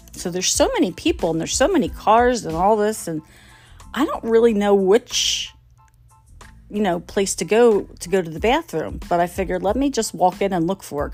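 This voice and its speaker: A woman's voice: fairly low pitch, darkish tone. A middle-aged woman telling comic stories about her own mistakes, laughing at herself and acting out the people in them. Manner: self-mocking, laughing often, acting out quoted voices. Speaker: storyteller host. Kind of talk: casual comic storytelling.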